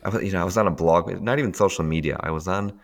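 Man, very low pitch, relaxed conversational teacher, animated, laughing. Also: rapid-fire. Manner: animated, laughs often, acts out inner voices. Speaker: tapping teacher, podcast guest.

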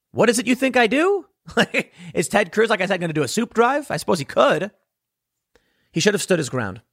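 A man's voice: high-pitched, big pitch swings, normal speed, fairly bright tone, slightly rough, dry recording, clean studio sound. A young adult man delivering a blunt, sarcastic solo commentary segment, scornful and ranting. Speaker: political commentator.

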